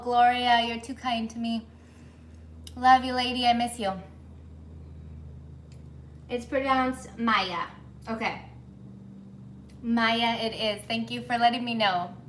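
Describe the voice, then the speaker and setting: Her voice is a little high, with a bit of hiss or hum in the recording, as this woman in her thirties hosts a baking livestream from her home kitchen. She chats casually and apologetically with viewers, greeting them and reading comments aloud, flustered and sweating from the humidity.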